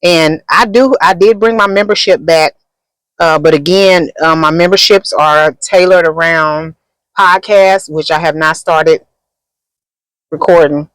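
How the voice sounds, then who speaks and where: A woman's voice: low-pitched, steady tone, a little slow, dry recording, rough recording. A woman content creator talking casually in a rambling, chatty vlog from inside a car, eating as she goes. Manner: rambling and chatty, many fillers; talks while eating.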